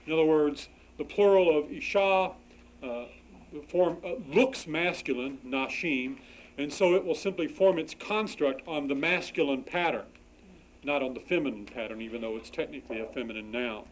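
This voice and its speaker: A man's voice: a little high, normal speed, low-quality recording. A man teaching a grammar class, explaining patiently with many fillers and restarts. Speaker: biblical Hebrew instructor. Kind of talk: classroom lecture. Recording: faint background noise.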